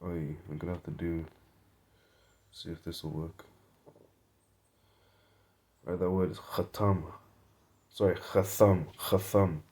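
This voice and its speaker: A man's voice: sits low, level tone, measured pace, pauses often, warm tone. A man giving an informal Bible study lesson, reading verses and word definitions aloud, thinking aloud and correcting himself as he goes. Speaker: Bible teacher.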